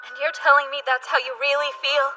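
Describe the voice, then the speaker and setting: An actress playing a young princess who pleads earnestly and with worry for peace in an anime dub. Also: female voice, high voice, little pitch movement, fast, far from the mic, music in the background, natural voice. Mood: pleading.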